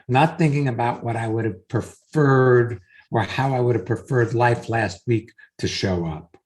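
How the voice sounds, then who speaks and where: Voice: mid-range voice, a little slow, a little mellow. A co-host of a casual coaching talk show, speaking encouragingly over a video call.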